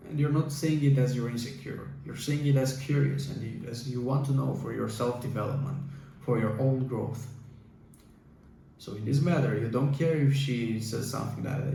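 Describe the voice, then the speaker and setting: A man's voice: mid-range voice, normal speed, gravelly, dark tone. A man giving casual relationship advice in a hesitant, coaching way, with many fillers and restarts. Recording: echoey room, far from the mic, faint hiss.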